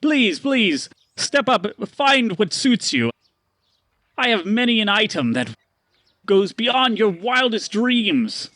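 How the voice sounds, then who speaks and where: A man voicing a boastful showman merchant, with a theatrical sales pitch and drawn-out words, in a tabletop role-play. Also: big pitch swings, pushed and bright, no echo, heavily acted. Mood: grand.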